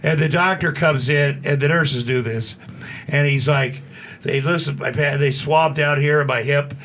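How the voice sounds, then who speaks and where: A man's voice: a little high, fairly even intonation, normal speed, a bit bright, slight background noise. A man in his sixties, a podcast guest, telling long rambling stories with restarts and acted-out quotes. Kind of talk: casual storytelling.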